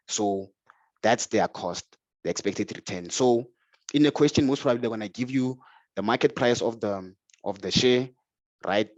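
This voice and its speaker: A low, darkish-toned man explains finance in a lecture, tossing out "right?" and then answering it himself. He often stumbles and repeats words at the start of phrases, and the sound is dull, lo-fi and dry with no room sound.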